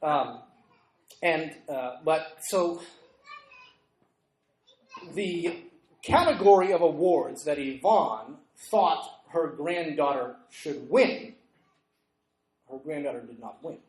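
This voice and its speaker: A middle-aged preacher tells his sermon as a lively story, acting out its characters. He speaks slowly with frequent pauses, in a slightly high voice that rings around an echoey church.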